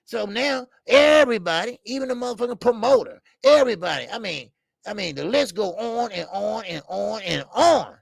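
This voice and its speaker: Gravelly, profane older boxing host. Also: male voice, sits high, expressive, moderate pace, dry recording, studio quality. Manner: blunt, profane, rambling with stammered fillers. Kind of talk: casual live-stream commentary.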